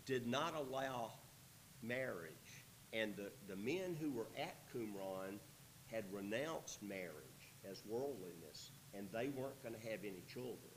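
A man's voice: mid-range voice, slight background noise, poor audio. A man teaching through a Bible passage, reading verses aloud and then explaining them in an easygoing, conversational way.

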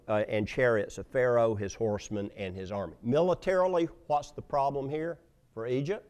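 A man preaching a sermon, telling stories with loud emphasis and hushed asides. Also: medium pitch, normal speed. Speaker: pastor.

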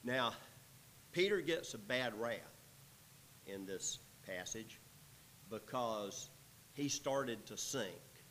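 A man's voice: lowish voice, lively intonation, takes it slowly, long pauses, a bit bright, a little hiss or hum, poor audio. A man teaching a Bible passage verse by verse, reading the text aloud and breaking in with folksy, joking asides.

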